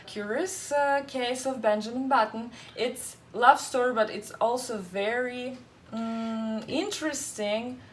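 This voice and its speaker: A woman's voice: on the high side, takes it slowly. A woman English teacher, chatting casually, laughing often and using many fillers. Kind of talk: casual chat.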